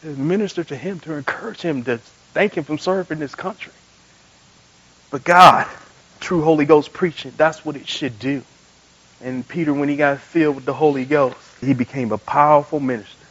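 A man preaching a sermon as pastor, telling stories animatedly and swinging between loud emphatic lines and quiet soft ones. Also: fairly high pitch, normal speed, lo-fi sound. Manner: animated storytelling, acts out voices in quotes.

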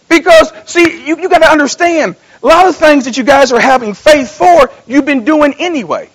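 A man preaching a sermon as pastor, telling homespun stories, dropping low and then rising into loud calls to the congregation. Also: lively intonation, brisk, few pauses, low-quality recording. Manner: folksy storytelling, swings from low mumbling to loud exhortation; repeats and restarts phrases.

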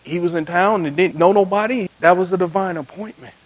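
Male pastor, high voice, animated sermon storyteller shifting loud to soft. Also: a little fast, highs cut off. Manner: swings from loud emphatic to quiet and soft.

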